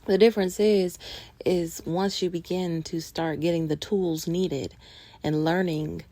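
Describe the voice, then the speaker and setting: Woman host, low gravelly voice, earnest and passionate, shifts between firm and hushed. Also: steady tone, dry recording. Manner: earnest, passionate, slows to a hush at times. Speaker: host of a personal growth talk. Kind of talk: reflective monologue on healing.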